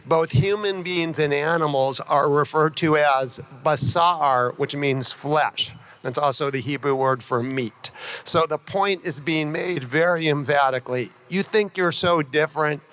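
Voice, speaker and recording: A man's voice: fairly high pitch, a bit bright, clean tone. A man explaining scripture in an emphatic, lecturing way.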